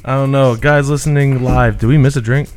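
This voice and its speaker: A man's voice: mid-range voice, fairly even intonation, fairly quick. A man co-hosting a podcast over drinks, trading teasing, crude banter. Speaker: podcast co-host. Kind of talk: casual chat while drinking. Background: music playing.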